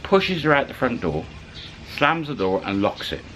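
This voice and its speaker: A man casually retelling a story to camera, animated and colloquial, slipping into the voices of the people in it. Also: medium pitch, moderate pace, slight background noise. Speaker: channel storyteller.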